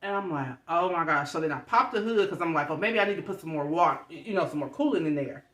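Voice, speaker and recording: A young woman vlogger telling a story in a chatty, animated way, talking straight to her viewers. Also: deep voice, quick pace, echoey room.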